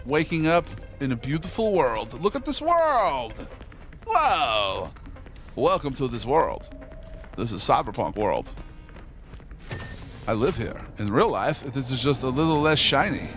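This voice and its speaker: A young man streams a game with music in the background, bantering casually with his chat in a slangy, joking way. His medium-pitched voice is sing-song and unhurried, fairly bright, with long pauses.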